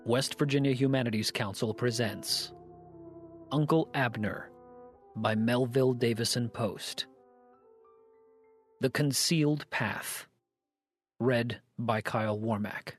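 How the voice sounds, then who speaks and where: A man narrating a story in a measured, even scripted reading. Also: medium pitch, faint music behind.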